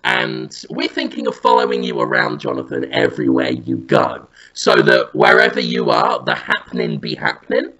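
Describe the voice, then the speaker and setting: A man hosting a comedy podcast, telling an absurd story in an animated, rambling way, his voice run through a Dalek-style robotic filter. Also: high voice, normal speed, few pauses, crowd noise, poor audio. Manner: animated, rambling, breaks into sung bits. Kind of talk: absurd comic storytelling chat.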